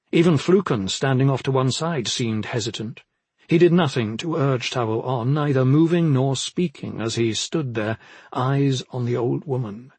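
A man narrating an audiobook in a steady, even way, his mid-range voice slightly husky. The sound is dry and close, with no room echo. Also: mid-range voice.

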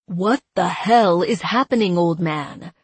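Brash, impatient, demanding character in an audiobook, read by a woman narrator; husky and dry. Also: low voice, normal speed, no echo. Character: brash, rude person, impatient with an old man.

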